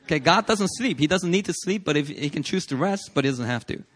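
Young male pastor, slightly high voice, relaxed and animated sermon delivery. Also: fast. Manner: animated and conversational, acts out little quoted scenes. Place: church service.

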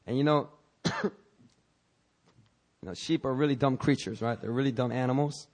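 Here a pastor preaches casually, cracking jokes in asides, starting phrases over and coughing now and then. He has a mid-range, darkish voice at normal speed.

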